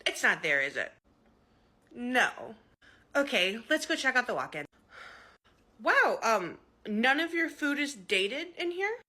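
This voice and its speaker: A woman's voice: fairly high pitch, big pitch swings, measured pace, pauses often, pushed and bright, full character voice. A woman playing a firm, no-nonsense female health inspector in a comedy skit, blunt and curt.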